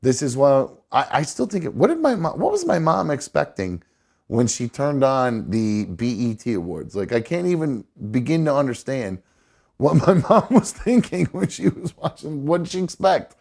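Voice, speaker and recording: A man of middle pitch hosts a live studio talk show. He rambles loosely from one story to the next and swears without a second thought. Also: big pitch swings, moderate pace, vocal fry, darkish tone. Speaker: podcast host. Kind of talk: casual live show chat.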